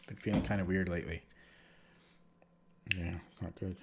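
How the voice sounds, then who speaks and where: A man's voice: sits low, little pitch movement, normal speed, vocal fry, noisy background. A man with a sore throat, casually recapping his chess games on a livestream, rambling and restarting sentences as he retells what happened. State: sore throat, feeling sick.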